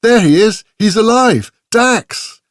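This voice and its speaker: A man voicing an excitable, emotional woman companion who talks in effusive, joyful bursts. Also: fairly high pitch, brisk, dry recording, studio quality, voice pushed up, lightly acted. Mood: overjoyed. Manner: effusive, breathless with joy.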